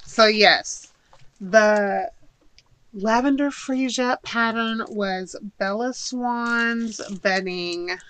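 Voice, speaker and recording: Woman, middle-aged, casual haul vlog, chatty and giggly, slow unhurried pace, noticeable background noise. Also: on the high side, fairly bright tone, low-quality recording. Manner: chatty, giggly, talks to viewers. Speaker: haul vlogger. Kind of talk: casual haul video chat.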